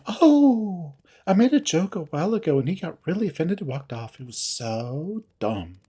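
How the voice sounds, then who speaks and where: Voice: mid-range voice, big pitch swings, moderate pace, mellow, husky. A reader voicing a giddy young cat woman with a childlike, bubbly manner and squealing greetings.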